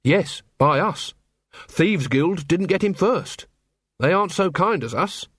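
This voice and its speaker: A man voicing an honest, earnest young male constable who talks calmly and cheerfully. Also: high-pitched, takes it slowly, slightly rough, dry recording, studio quality, pitched above the performer's own voice, exaggerated voice.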